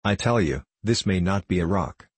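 A man playing a calm, brave soldier. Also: sits low, normal speed, slightly rough, no echo. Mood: earnest. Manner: calm, firm and courteous.

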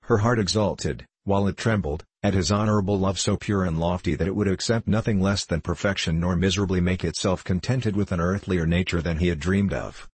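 A man narrating classic fiction in a measured, formal audiobook reading. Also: low-pitched, breathy edge, no echo.

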